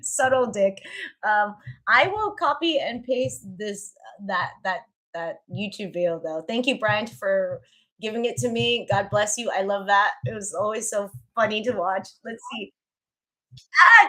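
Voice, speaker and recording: Bright, bubbly woman streamer. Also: on the high side. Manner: laughs often, swears, bubbly self-mocking. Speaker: live streamer. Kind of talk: casual live-stream chat.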